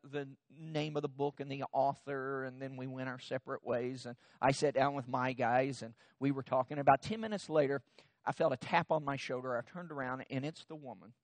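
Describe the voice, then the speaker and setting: A man's voice: mid-range voice, no echo. A middle-aged man, a pastor, telling a personal story in a sermon in a conversational, self-deprecating way, with frequent restarts.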